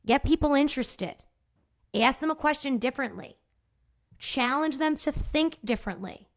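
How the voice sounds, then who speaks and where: A woman's voice: high voice, fairly bright tone. A woman hosting a solo podcast, talking frankly and casually, swearing now and then and often checking in with "right?". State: choked up at times. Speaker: podcast host.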